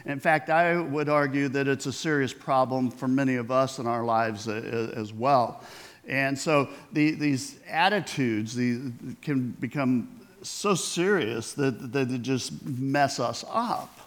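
A man's voice: mid-range voice, takes it slowly. A middle-aged man preaching a sermon in a conversational way, asking the congregation questions and acting out quoted voices. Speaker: pastor.

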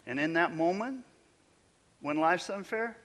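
A man preaching a sermon in a large church, his voice bright and slightly high. He speaks slowly and emphatically, pushing some lines loud and letting others fall to a hush. The sound carries a long reverb from the hall. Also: animated. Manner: emphatic preaching, rising to loud peaks and dropping to a near whisper. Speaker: pastor.

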